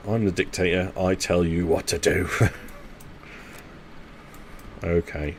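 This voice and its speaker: A man's voice: deep voice, steady tone, slow, slight background noise. A man, chatting casually with teammates while live streaming a strategy game and thinking aloud. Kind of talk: casual gaming commentary talking to teammates.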